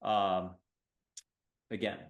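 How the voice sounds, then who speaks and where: A man's voice: sits low, little pitch movement, drawn-out words. Enthusiastic male talk show host, roomy sound. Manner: enthusiastic, rambling, playful wordplay. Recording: roomy echo.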